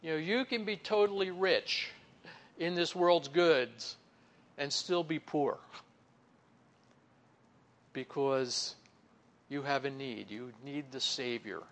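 Male preacher, slightly high voice, folksy Bible-teaching sermon, slow emphatic stretches, "you know" throughout. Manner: stretches key words slowly for emphasis, then drops soft. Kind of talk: conversational sermon.

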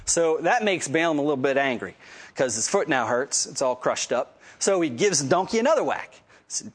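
A man with a fairly high voice leads a relaxed Bible lesson, chatting his way through the story with plenty of ums and uhs. He tells it with easygoing energy and keeps it informal. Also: normal speed, husky. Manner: conversational, lots of fillers, animated storytelling. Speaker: Bible study teacher.

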